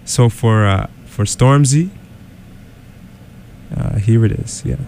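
A man co-hosting a casual podcast, rating and chatting about songs in a relaxed, halting way. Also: medium pitch, background noise. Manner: relaxed, halting, self-correcting. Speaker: podcast co-host. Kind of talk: casual chat reviewing music.

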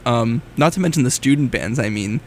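A man's voice: medium pitch, expressive, a little fast, a little mellow, a little hiss or hum. A young man co-hosting a student radio show, chatting with eager enthusiasm and gushing about what he liked. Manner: enthusiastic, laughs easily, gushing praise. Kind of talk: casual chat on air.

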